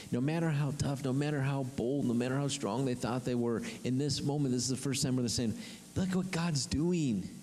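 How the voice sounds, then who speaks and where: A man preaching a sermon, emphatic and repetitive, with dramatic pauses and sudden drops to a whisper. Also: mid-range voice, a little mellow, in a large hall. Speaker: pastor.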